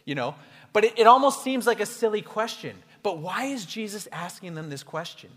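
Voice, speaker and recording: A male pastor preaching an animated, conversational sermon to his congregation in a church hall. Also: high voice, moderate pace. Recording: echoey hall reverb.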